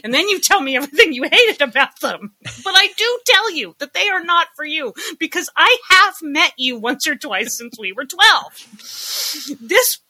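High, lively, sarcastic woman co-host. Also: normal speed, hardly any pauses, poor audio. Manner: sarcastic, exasperated ranting. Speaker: podcast co-host. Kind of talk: casual review chat.

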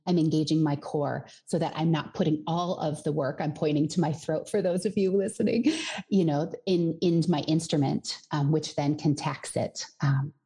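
A woman's voice: low-pitched, warm tone. A woman from Colorado who coaches voice and singing, explaining in a podcast interview and sometimes demonstrating with her own voice.

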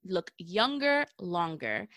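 A woman's voice: on the low side, sing-song, slow, fairly bright tone, dry recording, studio quality. A woman in her thirties hosting a podcast, chatting casually and slangily about skincare, laughing often. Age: 30s. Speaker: podcast host. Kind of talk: casual chat.

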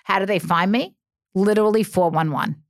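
A woman telling stories in a casual podcast chat as a reality TV guest, animated and chatty, often breaking off mid-sentence. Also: mid-range voice, brisk, no echo, clean studio sound. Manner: animated, chatty, self-interrupting.

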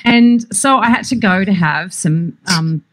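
A woman's voice: medium pitch, animated, a little slow. Chatty Australian woman telling anecdotes. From Sydney, Australia. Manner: rambling anecdotes, laughs often. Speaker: podcast co-host. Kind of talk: casual chat.

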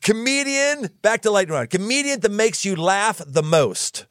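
A man's voice: high voice, very animated, moderate pace, a bit bright, clear, resonant tone, dry recording, clean studio sound. A man hosting a casual conversation, easygoing and folksy in how he talks. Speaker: podcast host. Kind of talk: casual chat.

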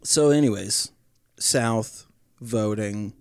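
A man's voice: lowish voice, takes it slowly, clear, resonant tone, dry recording, clean studio sound. A man hosting a podcast in casual chat, playful and jokey, jumping between topics. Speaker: podcast host.

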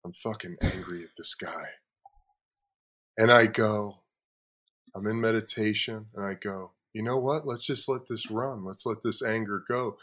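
A man hosting a podcast, telling a story in a casual, profane way with frequent laughs, sometimes dropping low and quiet. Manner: swears freely, laughs often. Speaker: podcast host.

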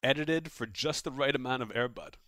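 Male comic co-host, rapid rambling riffs, dry close mic. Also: mid-range voice, fairly bright tone, dry recording. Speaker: podcast co-host. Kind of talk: casual comedic chat.

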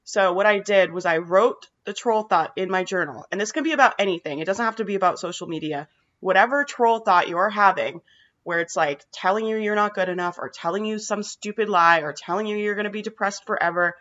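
A woman's voice: mid-range voice, fairly bright tone, lo-fi sound. A woman giving an emphatic motivational monologue to her viewers, swearing casually and asking "right?" often. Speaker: mental health vlogger.

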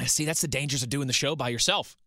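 A man's voice: medium pitch, quick pace, pushed and bright, no room sound, clean studio sound. A man hosting a solo sports talk radio show, chatting and reading out listener messages. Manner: chatty, reads listener tweets and banters.

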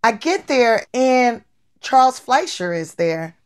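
A woman guest telling stories from her life in a casual, lively way, acting out the people she quotes. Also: fairly high pitch, slow pace, smooth. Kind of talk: casual storytelling.

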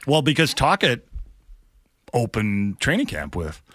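A man's voice: medium pitch, wildly swooping pitch, a little slow, fairly bright tone, no room sound, clean studio sound. A man co-hosting a sports radio show, talking through teams and results in a matter-of-fact way. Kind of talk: casual sports talk.

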